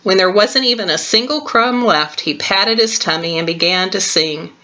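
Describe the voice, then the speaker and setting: An older woman at home reading a children's storybook aloud to her grandchild, warm and expressive, recorded on a webcam. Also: mid-range voice, moderate pace, few pauses, lo-fi sound.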